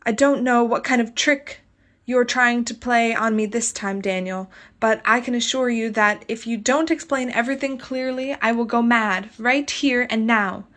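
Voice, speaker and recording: A woman's voice: on the high side, moderate pace, a bit bright, lightly acted. Woman voicing a frightened, overwrought young wife. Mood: distraught. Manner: pleading, breathless, fearful.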